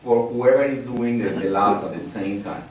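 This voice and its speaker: A man's voice: mid-range voice, moderate pace, a little mellow. A man instructs a live audience in a large training room, chatting through steps and repeating key points as he goes. His voice sounds far from the microphone and bounces around a very echoey space, with a faint hiss of noise underneath. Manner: conversational, repeats key phrases, polls the audience.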